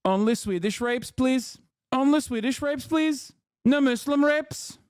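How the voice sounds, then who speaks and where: A man's voice: unhurried, smooth, no echo, studio quality. A man putting on a mock Norwegian accent to play a smug, bigoted Scandinavian man. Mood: shrill, mocking. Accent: put-on Norwegian. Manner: mocking, preachy, rising shrill pitch.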